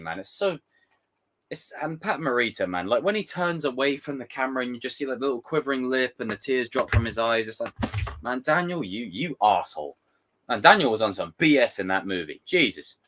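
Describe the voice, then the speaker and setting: Animated, rambling young man. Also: medium pitch. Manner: animated, rambling, jokey, swears casually. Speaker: streamer reacting to a trailer. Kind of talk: casual live commentary.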